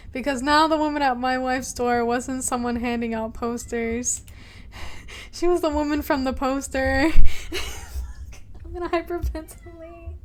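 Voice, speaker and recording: A woman's voice: sits high, steady tone, unhurried, long pauses. A woman streamer playing a horror game, reading the game text aloud and reacting with anxious, nervous laughter. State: anxious and jumpy. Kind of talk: horror game let's play. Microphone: headphones with mic.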